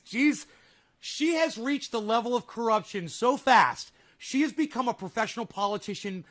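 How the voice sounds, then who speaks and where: A man's voice: high voice, pushed and bright. A man ranting angrily on a live stream, mocking and swearing heavily as he reacts to clips and talks to his chat. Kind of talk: profane live-stream rant.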